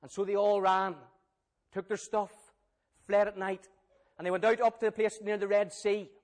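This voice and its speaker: Preacher, lively storyteller, higher-pitched man. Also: moderate pace. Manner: animated, questions the audience. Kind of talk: Bible storytelling sermon.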